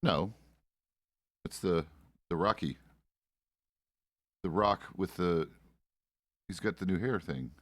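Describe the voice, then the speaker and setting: Middle-aged man, very low register, rambling profane role-play banter, dry sound. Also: takes it slowly, pauses often, no echo. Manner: rambling and profane, with many restarts. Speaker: streamer playing a frontier deputy. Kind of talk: casual role-play chat.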